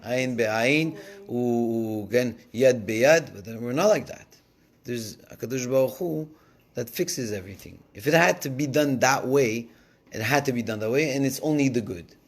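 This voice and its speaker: A man giving a casual Torah lesson, telling the story in an animated way and switching between languages. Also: mid-range voice, normal speed. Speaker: Torah teacher.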